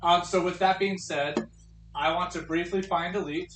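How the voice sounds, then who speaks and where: A man's voice: sits high, steady tone, noisy background. Sex: man. Role: tabletop player. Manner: joking, casual. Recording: roomy, distant mic. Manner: joking, quick asides.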